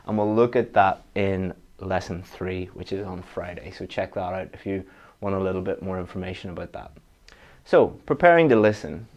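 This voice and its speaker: A man's voice: low voice, normal speed, darkish tone, highs cut off. A man giving a direct, practical online exam-prep lesson, with frequent restarts. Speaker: IELTS teacher.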